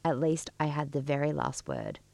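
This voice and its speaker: A middle-aged woman telling a personal story in a measured, wry way. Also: low-pitched, huge pitch swings, gravelly, darkish tone, no room sound. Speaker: storyteller and podcast co-host.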